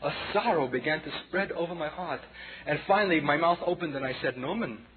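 A man with a Brooklyn accent preaching a sermon, telling a story dramatically and dropping from loud to hushed as he addresses the congregation as children. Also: on the high side, fairly quick, noisy background. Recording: tinny phone-like sound with audience.

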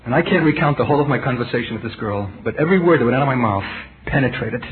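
A middle-aged man preaching a sermon, emphatic and intense, dropping to a hush and rising again, with rhetorical questions to the congregation. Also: medium pitch, animated, rapid-fire. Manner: intense, emphatic, swings between loud and hushed. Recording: tinny lo-fi tape with faint hiss.

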